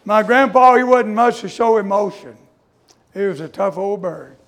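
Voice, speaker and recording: A man preaching his testimony in a fervent sermon cadence, full of "uh" and "amen", moving between hushed confession and shouting. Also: sits high, expressive, normal speed.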